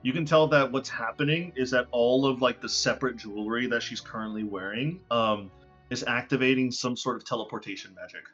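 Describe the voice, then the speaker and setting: A man's voice: medium pitch, fairly quick, fairly bright tone. Casual man narrating a tabletop game. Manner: casual, filler-heavy narration. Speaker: game master. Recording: dull lo-fi recording with faint music.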